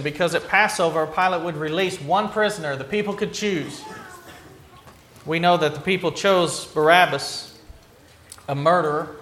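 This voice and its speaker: A man's voice: high-pitched, bright, forceful tone. A man preaching a sermon, retelling a scripture story earnestly, with frequent restarts. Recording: echoey room.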